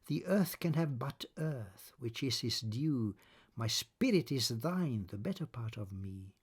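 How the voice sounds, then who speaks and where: A man reading sonnets aloud in a measured, deliberate recitation. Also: medium pitch, expressive, breathy edge. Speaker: poetry reader.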